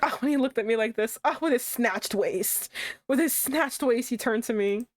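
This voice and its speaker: A young adult woman streamer giving casual commentary on a game she is playing, reacting with animated outbursts. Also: moderate pace, no echo, clean studio sound. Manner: animated, swings into high exclaims.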